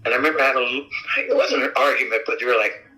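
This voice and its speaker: A man being interviewed as a rock singer, telling stories in a casual, animated way and acting out quotes with big jumps in pitch. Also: very fast, low-quality recording. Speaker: rock vocalist guest. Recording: radio interview audio.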